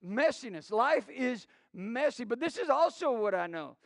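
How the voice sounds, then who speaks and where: A man's voice: very high voice, big pitch swings, normal speed, no room sound, studio quality. A middle-aged man preaching a sermon, telling stories with many restarts and acted-out quotes. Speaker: pastor.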